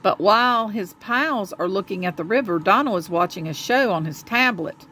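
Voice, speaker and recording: A woman reading a children's storybook aloud to a child, gentle and expressive. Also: medium pitch, moderate pace, slight background noise.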